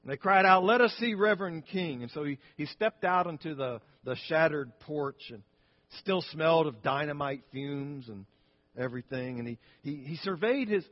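A man's voice: fairly high pitch, expressive, normal speed, muffled recording. A man pastor preaching a sermon, telling a story earnestly and often restarting his phrases.

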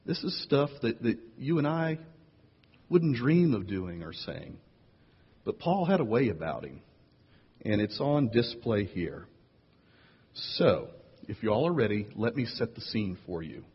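Playful pastor in an echoey hall. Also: male voice, measured pace, long pauses, husky, dull audio. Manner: playful, animated storyteller with big jumps in pitch. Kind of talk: sermon. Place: church sanctuary.

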